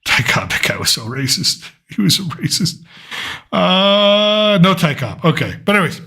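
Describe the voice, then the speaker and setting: A man's voice: high voice, big pitch swings, moderate pace, gravelly, pushed and bright. A man hosting a casual political commentary show, thinking aloud and rambling as he reads through lists. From United States.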